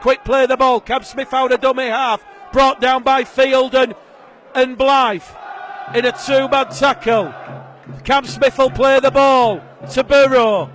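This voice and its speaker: A man calling a live rugby league match, his voice rising to shouts on big plays. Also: extremely high pitch. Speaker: play-by-play commentator. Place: stadium commentary position. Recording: broadcast with crowd and ambient noise. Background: crowd noise.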